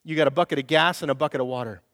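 A middle-aged male pastor preaching a sermon, animated and storytelling, acting out quoted voices. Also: fairly high pitch, racing, in a large hall.

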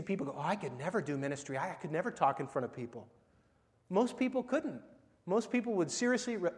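A middle-aged male pastor preaching in a church sanctuary, speaking in a fairly high voice. He talks to the congregation in a chatty way, firing off rhetorical questions and swinging between loud bursts and quiet asides. Long reverb from the hall trails behind his words. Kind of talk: sermon.

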